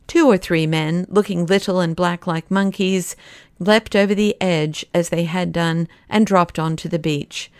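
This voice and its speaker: A woman narrating a classic novel as an audiobook, in a measured delivery that slows down for the dramatic passages. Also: lowish voice, fairly even intonation, clean tone, dry recording, clean studio sound.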